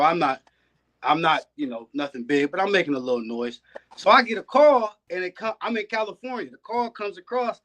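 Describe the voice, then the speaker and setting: Guest breeder, male, relaxed storyteller, fillers everywhere, a touch high. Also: slight background noise. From United States. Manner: laid-back, drops in "man" and "you know" often. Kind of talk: casual podcast storytelling.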